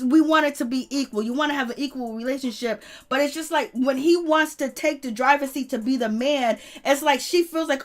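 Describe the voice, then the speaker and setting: High-voiced sassy woman ranting. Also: bright, forceful tone. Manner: sassy, blunt, laughs often, talks to chat. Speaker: reality TV commentator. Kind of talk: casual live-stream commentary.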